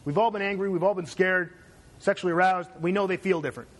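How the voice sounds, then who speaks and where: A man's voice: high-pitched, fast talker. A man from Canada giving a conversational university lecture, digressive and checking in with "right?".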